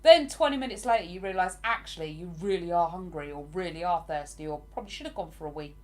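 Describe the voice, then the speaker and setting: A woman's voice: lowish voice, fast. A woman with an English accent hosting a casual live stream, chatting and laughing easily as she greets viewers by name.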